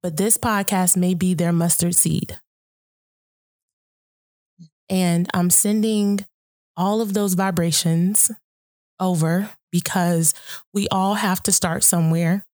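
A woman's voice: fairly low pitch, a little mellow, dry recording, studio quality. Earnest woman hosting a faith podcast. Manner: earnest, reflective, laughs often. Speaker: podcast host. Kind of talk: casual conversation about faith.

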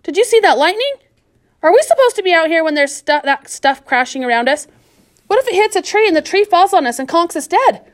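A woman voicing a fretful, chatty young orphan girl who complains and gets excitable. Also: very high voice, fairly quick, pitched above the performer's own voice. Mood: excited.

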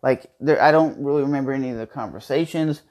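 A man talks through a casual, unpolished podcast from his home kitchen. His voice sits at an ordinary middle pitch for a man. He tells a personal story candidly and in a rambling way. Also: quick pace, a little mellow. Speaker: podcast host.

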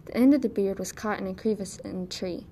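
A woman narrating a fairy tale in a steady, measured storytelling voice. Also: mid-range voice, slight background noise.

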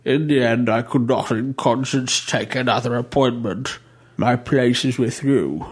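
A man voicing a dignified male bishop who explains himself in a slow, measured, solemn way. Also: medium pitch, slightly rough, pitched above the performer's own voice.

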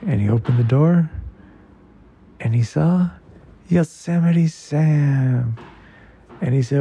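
A man telling a bedtime story in a slow, easy voice. His tone is very gravelly, with a husky, dark sound. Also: mid-range voice.

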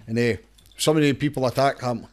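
A middle-aged Scottish man, a campaigner and lawyer, talks as a guest in a casual interview, speaking a little fast with a medium-pitched, darkish voice. He is emphatic, often restarting and repeating words and checking "right?"

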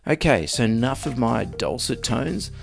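A man's voice: mid-range voice, big pitch swings, measured pace, creaky, faint music behind. A man with an Australian accent, a veterinarian hosting his podcast, reading a scripted intro with a dry, joking tone.

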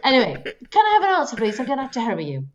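A woman's voice: racing, lo-fi sound. A woman co-hosting a casual podcast, playfully teasing as she runs a trivia quiz. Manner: playful and teasing, lively pitch jumps. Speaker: podcast co-host running a quiz; teacher. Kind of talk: casual chat.

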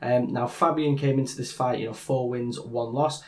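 A man's voice: mid-range voice, steady tone, normal speed, darkish tone. A man co-hosting a podcast, chatting casually about fights and rambling with many restarts and fillers. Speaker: podcast co-host. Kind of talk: casual MMA chat.

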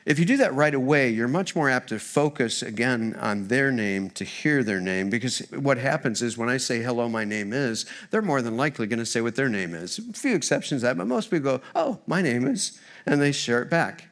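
A man preaching a sermon in a church as a guest speaker, a former missionary who tells funny stories in an animated way. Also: medium pitch, a little fast, few pauses. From United States. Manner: storytelling, humorous and animated.

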